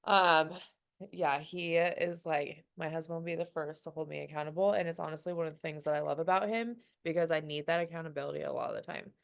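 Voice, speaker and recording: Young adult woman, low-pitched, frank and encouraging; a team-call speaker who quotes her own self-talk. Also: quick pace, gravelly, fairly bright tone. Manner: candid, quotes her own inner voice, frequent "like" and "um".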